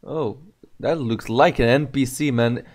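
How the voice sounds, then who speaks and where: A man giving profane, excitable, mocking commentary over his gameplay. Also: medium pitch, normal speed. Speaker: gamer.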